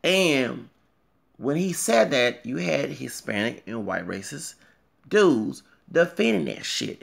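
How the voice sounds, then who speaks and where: Man vlogger, mid-range pitch with a lot of fry, rambling and forceful rant that keeps checking in with "okay?". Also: sing-song, slow. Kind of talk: ranting video commentary.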